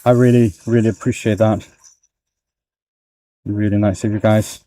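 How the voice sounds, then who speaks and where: A man's voice: fairly low pitch, little pitch movement, a little slow, mellow, slight background noise. A man hosting a live woodturning stream from his workshop, talking casually and thanking viewers with effusive gratitude and frequent sighs. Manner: effusively grateful, sighing often. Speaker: woodturning livestream host. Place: home workshop.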